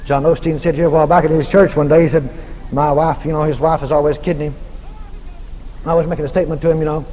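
A man's voice: a little high, little pitch movement, fairly quick, pauses often, mellow, lo-fi sound. A male preacher giving a folksy, humorous sermon that repeats its points for emphasis. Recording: echoey hall, faint noise.

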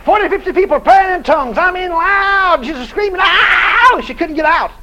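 A man preaching a sermon in a folksy, dramatic storytelling style, shouting out the lines he quotes. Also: very high voice, a little fast, noisy background. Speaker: evangelist preacher.

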